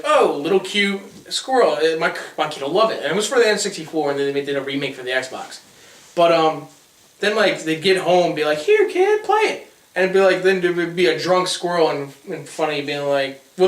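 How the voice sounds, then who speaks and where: A man's voice: a little high, brisk. Rambling young man, distant and echoey. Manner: rambling, hesitant, many fillers and giggles. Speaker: co-host. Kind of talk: casual gaming chat. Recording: echoey room, away from the mic.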